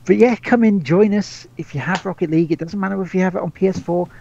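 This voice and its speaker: A man's voice: sits high, fast, vocal fry, dark tone, muffled recording, slight background noise. A man co-hosting a gaming podcast, rambling casually, stumbling over repeated words and swearing freely. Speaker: podcast co-host.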